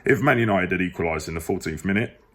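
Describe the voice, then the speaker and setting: A football fan channel host gives a casual match review to camera from home, filmed on his phone, in a low, expressive, slightly bright voice. He talks quickly, rambling in exasperation and breaking into emphatic outbursts.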